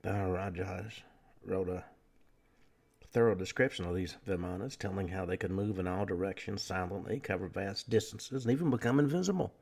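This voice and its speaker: A man hosting a talk radio show, delivering a lecturing monologue with frequent pauses and fillers. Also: low voice, darkish tone, husky.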